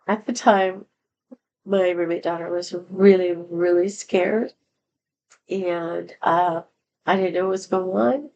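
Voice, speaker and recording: A woman's voice: on the low side, steady tone, slow pace, a little mellow, muffled recording, a little hiss or hum. A woman telling a personal story in a candid, rambling way, with many fillers and restarts. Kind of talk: casual storytelling monologue.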